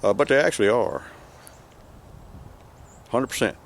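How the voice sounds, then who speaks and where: Out in a pasture with a handheld camera, this Southern Maryland farmer gives a casual walk-and-talk narration, rambling in a folksy way with dry, wry humor. His mid-range voice is gravelly and a little slow.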